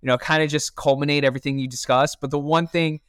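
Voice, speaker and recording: A man hosting a podcast, chatty and animated, with many fillers. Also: on the high side, fast, clear, resonant tone, no echo, clean studio sound. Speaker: podcast host. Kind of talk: conversational interview.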